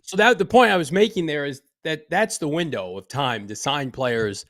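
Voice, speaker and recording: A man hosting a casual sports podcast, talking with energetic, wry banter from a studio. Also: a little high, normal speed, no room sound. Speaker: podcast host.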